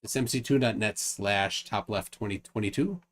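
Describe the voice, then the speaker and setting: A man's voice: on the low side, normal speed, slight background noise. Man, livestream host, casual, rambling, restarts often, reads out lists.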